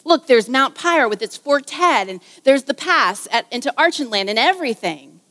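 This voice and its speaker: A woman voicing an eager boy who exclaims quickly and excitedly. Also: high voice, long reverb tail.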